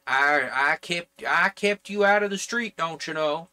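A man doing a whiny, pushy relative in a rough accent. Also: a little high, takes it slowly, darkish tone, no echo, voice pushed up. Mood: indignant. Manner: nagging, whining, in a put-on rough accent. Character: pushy, guilt-tripping older relative, whiny and demanding.

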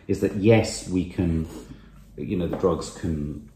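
A man's voice: deep voice, slow. A man co-hosting a candid conversation, mostly giving short remarks and brief interjections. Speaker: podcast co-host. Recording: echoey room with background noise.

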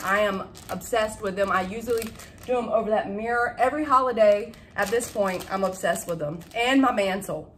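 A young woman chatting casually to camera about her shopping haul, excitable and laughing at her own slips. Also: medium pitch, brisk, a little hiss or hum. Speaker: vlogger showing a shopping haul. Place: at home.

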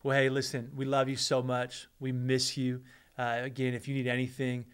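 A man's voice: mid-range voice, completely flat delivery, normal speed, smooth. A middle-aged man, a pastor, preaching with earnest emotion and leading a prayer. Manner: earnest, emotional, repeats words. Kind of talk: sermon with prayer.

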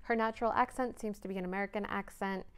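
A woman's voice: medium pitch, fairly even intonation, quick pace, smooth. A young woman reviewing books in a casual vlog, chatty and thinking aloud with frequent hedges. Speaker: book reviewer.

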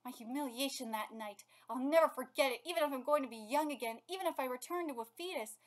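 A woman's voice: sits high, fast talker, natural voice. A woman reading aloud as a vain, narcissistic old male school principal, pompous and self-admiring.

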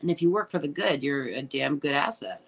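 A middle-aged woman chats on her livestream and answers viewers bluntly, swearing freely and getting emotional. Her voice sits fairly low but swings widely up and down as she talks. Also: expressive, a little fast, vocal fry, breathy edge. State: tearful at times. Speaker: livestream host reading viewer comments. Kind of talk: casual live chat.

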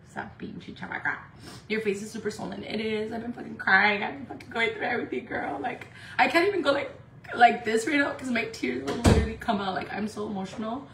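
A woman from Indio, California, chatting casually on a makeup livestream from home, talking fast and loose, swearing freely and saying "like" a lot. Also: a little high, a bit bright, far from the mic. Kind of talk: casual live-stream chat. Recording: echoey room with faint background noise.

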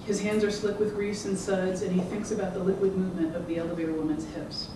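An author giving a measured, rhythmic public reading of their own fiction. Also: mid-range voice, flat delivery. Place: event room. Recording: echoey room, distant mic, background noise.

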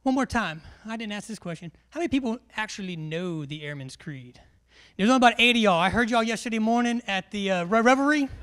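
A man, an instructor giving a humorous, animated briefing to a large class and quizzing the crowd. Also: high-pitched, fairly quick, few pauses, clear, resonant tone. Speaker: military education instructor.

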